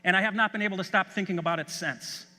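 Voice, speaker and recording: A man's voice: high-pitched, fast, bright, forceful tone. A middle-aged man from Chicago, a school superintendent, giving an enthusiastic, story-driven conference keynote in a large hall. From Chicago, USA. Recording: long hall reverb.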